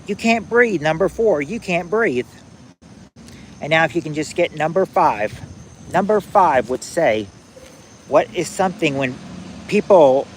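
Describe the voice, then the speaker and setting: A man hosting a casual trivia game on a livestream, reading viewers' answers aloud in a halting, repetitive way, outdoors at night on a phone. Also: on the high side, a little hiss or hum, poor audio. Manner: halting and repetitive, restarting phrases, drawling out answers.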